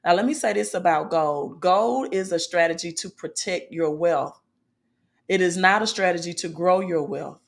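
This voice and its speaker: A woman's voice: lowish voice, moderate pace, creaky. Emphatic woman talking finance. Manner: emphatic, asks "right?" often, informal grammar. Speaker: finance video host. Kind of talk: casual finance commentary.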